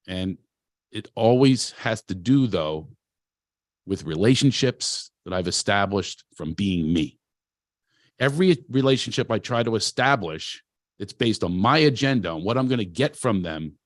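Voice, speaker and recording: Candid low-voiced man telling his story. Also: no room sound, clean studio sound. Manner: confessional, self-deprecating, loose with restarts. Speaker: producer and speaker at a talent event. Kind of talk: candid motivational storytelling talk.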